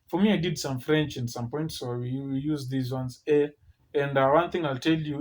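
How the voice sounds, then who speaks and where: Male writing instructor, slightly high voice, patient step-by-step explainer. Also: fairly even intonation, normal speed, darkish tone. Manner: explanatory, repeats and restarts, tag questions. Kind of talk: screen-share tutorial.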